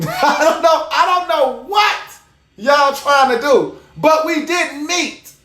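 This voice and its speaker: This livestream host's voice sits high and moves at a slow pace, a bit bright, with a roomy sound. Chatting casually to viewers, the host is sassy and emphatic, repeating phrases for effect in loose live commentary.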